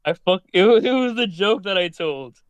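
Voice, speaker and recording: A man's voice: sits high, animated, moderate pace, clear, resonant tone, no echo. A man in his twenties calling into a chat show, laughing and self-deprecating as he talks. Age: 20s. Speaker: caller. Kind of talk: casual call-in chat.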